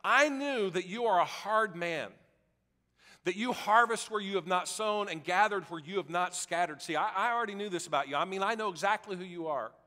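A man's voice: high voice, brisk, bright, forceful tone, in a large hall. A man acting out a nervous, lazy servant who defensively makes excuses to his master. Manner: defensive, sheepish excuse-making.

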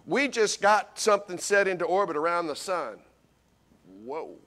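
A male pastor delivers a sermon in a fairly high voice that leaps up and down with lively expression. He is folksy and speaks right to the congregation, moving between loud bursts and hushed asides. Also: normal speed. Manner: animated storyteller, swings from loud to hushed; folksy, addresses congregation directly. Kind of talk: Christmas sermon.

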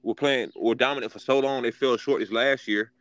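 A man co-hosting a sports podcast, rambling and excitable, full of fillers and restarts. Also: medium pitch, a little fast, dry recording, poor audio. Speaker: podcast co-host. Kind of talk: casual sports chat.

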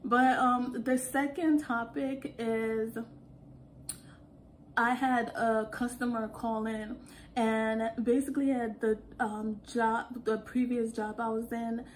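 A young woman telling work stories in an animated, casual way, laughing as she goes. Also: on the high side, takes it slowly, a little hiss or hum. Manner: animated, acts out quotes, laughs often. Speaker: call center worker. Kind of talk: casual storytelling vlog.

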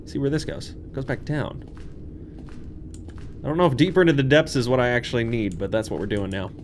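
A young man hosting a horror game playthrough, talking to viewers, jumpy and swinging from hushed muttering to yelps. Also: mid-range voice, fairly quick, a little hiss or hum. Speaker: gaming channel host. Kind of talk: horror game let's play commentary. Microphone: desk microphone.

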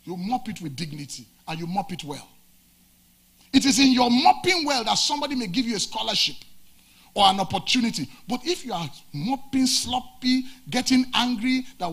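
A man from Nigeria preaching a sermon in a fairly high, husky voice. He swings between loud, emphatic lines and low, quiet asides. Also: lively intonation, normal speed. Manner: preaching with dramatic swings of pitch and volume. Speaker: pastor.

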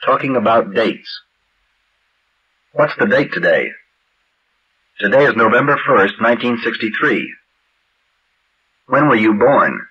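A man reading English practice phrases slowly and clearly for learners, on a dull lo-fi vintage recording. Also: medium pitch, expressive. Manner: measured, carefully enunciated drill reading. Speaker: language teacher.

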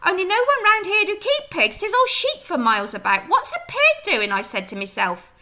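A loud, rambling farmer's wife with a broad West Country accent, put on by a woman teacher. She speaks much higher than her usual voice, with a bright, sharp tone and a swooping, lively delivery that runs on and on. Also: moderate pace, heavily acted. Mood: chattering. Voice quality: loud and long-winded. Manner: rambles on at length. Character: chatty talkative farmer's wife.

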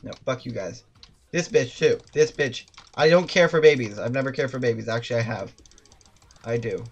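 While playing live, a gaming streamer with a mid-range, slightly rough voice gives commentary at a moderate pace, swearing constantly and mocking themself. Loud outbursts and laughter punctuate the lo-fi audio.

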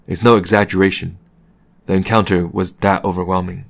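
A man reading a novel aloud as an audiobook in a calm, measured narration. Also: low voice, gravelly. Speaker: audiobook reader.

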